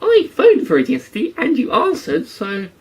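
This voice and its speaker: A man voicing a bumbling old male professor in a high flustered voice. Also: wildly swooping pitch, normal speed, darkish tone, full character voice.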